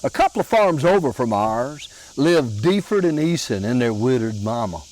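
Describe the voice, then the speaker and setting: A man's voice: mid-range voice, big pitch swings, normal speed, darkish tone, no echo, rough recording. Folksy man telling family tales. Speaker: storyteller comedian. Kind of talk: folksy comic storytelling.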